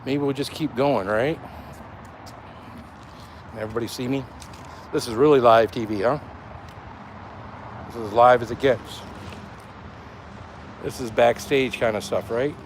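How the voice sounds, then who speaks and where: In an upstairs room indoors, a man hosts a pepper-eating live stream, chatting casually, greeting viewers by name and sounding a little out of breath as he talks into a close-range phone camera. His mid-range voice is fairly even and unhurried, with frequent pauses. A bit of hiss or hum can be heard.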